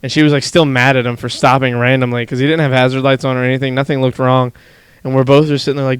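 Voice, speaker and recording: Young man, podcast co-host, smooth clear voice, dry close sound, animated storytelling. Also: medium pitch, quick pace, few pauses, no room sound. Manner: animated storyteller, swears freely. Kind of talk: casual livestream chat.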